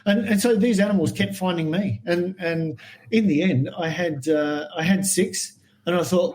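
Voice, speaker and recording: An Australian man telling animated stories as a guest in a podcast interview, acting out the voices of people he quotes. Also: high-pitched, normal speed, poor audio. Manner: animated anecdotal storyteller, acts out quoted voices. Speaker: guest herpetologist.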